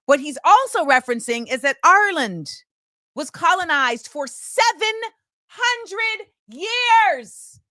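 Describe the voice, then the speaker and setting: A woman's voice: extremely high pitch, sing-song, slow, bright, forceful tone, dry recording, studio quality. A woman hosting her own show, delivering an impassioned film commentary monologue and repeating key phrases for emphasis. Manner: opinionated and impassioned. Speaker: show host.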